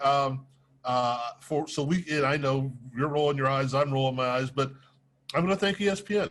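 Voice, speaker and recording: A man's voice: mid-range voice, normal speed, a bit bright. A man hosting a boxing talk show, chatting casually with joking asides.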